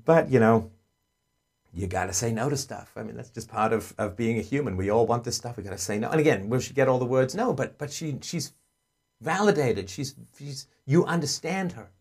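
A man hosting a call-in advice show, earnestly explaining and acting out gentle parent dialogue. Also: medium pitch, brisk, husky.

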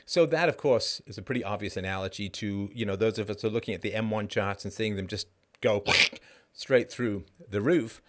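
Low-ish guy rambling through stories on his stream, does little voices for people. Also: normal speed. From Canada. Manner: animated storytelling, acts out quoted people. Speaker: livestream host. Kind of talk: casual monologue.

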